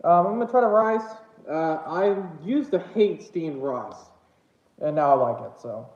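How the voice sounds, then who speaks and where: A man rambles through an eating livestream in a slightly high, lively voice, full of ums and restarts and a little out of breath. The sound is dull and lo-fi, bouncing around an echoey room at home. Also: a little slow. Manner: rambling, hesitant, many fillers. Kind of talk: casual eating livestream chat. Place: home room with dogs nearby.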